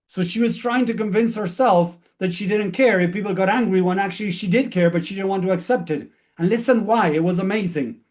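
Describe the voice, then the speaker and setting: A man's voice: high voice, a little fast, few pauses, darkish tone. A man speaking as a mindset coach in an explanatory motivational talk, walking through what happens in his one-on-one sessions and retelling them as quoted dialogue.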